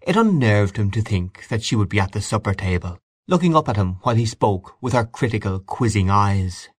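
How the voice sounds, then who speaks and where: A low-voiced man narrates a literary story at a measured pace. His pitch rises and falls widely through the sentences. The recording is close and dry. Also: no room sound. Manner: measured, expressive literary reading. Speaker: audiobook narrator. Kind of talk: scripted narration.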